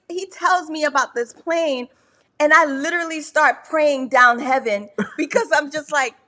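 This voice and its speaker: A woman co-hosting a casual talk show with her husband from their couch, expressive and quick to laugh. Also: sits high. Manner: expressive, laughs easily, slangy interjections. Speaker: podcast co-host, wife. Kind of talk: casual chat. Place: home couch.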